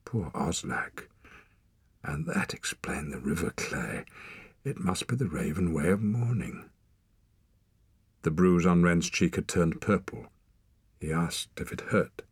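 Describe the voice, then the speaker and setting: An older man reading an audiobook in an expressive, lilting storyteller manner, close to the mic. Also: deep voice, measured pace, long pauses, slightly rough, no room sound. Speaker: audiobook narrator. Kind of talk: audiobook narration. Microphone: close studio mic.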